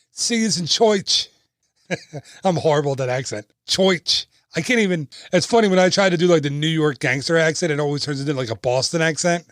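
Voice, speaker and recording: A man's voice: a little high, no echo, clean studio sound. A man hosting a podcast, telling stories in a chatty way and laughing at himself. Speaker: podcast host. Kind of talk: casual storytelling narration.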